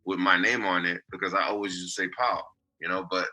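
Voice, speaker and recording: Forceful New man, low voice. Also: quick pace, poor audio. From New York. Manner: animated, swearing, offhand. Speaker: guest DJ. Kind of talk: casual storytelling chat.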